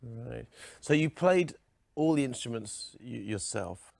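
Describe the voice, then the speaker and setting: A man playing a deadpan, patient TV interviewer in a comedy sketch. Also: mid-range voice, takes it slowly, gravelly, dry recording, clean studio sound.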